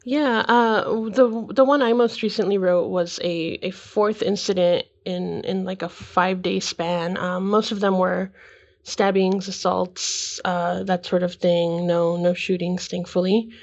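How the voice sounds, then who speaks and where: A woman's voice: fairly low pitch, fairly even intonation, unhurried, highs cut off. A woman who works as a news reporter, talking casually with a lot of hedging. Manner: casual, hedging, lots of like and kind of. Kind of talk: casual podcast chat.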